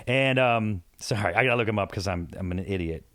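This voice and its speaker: A man's voice: on the low side, fairly quick, few pauses, slight background noise. A man who is a guest on a podcast, telling a travel story in a casual chat, acting out the people in it and poking fun at himself. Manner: lively, acts out quoted voices, self-deprecating.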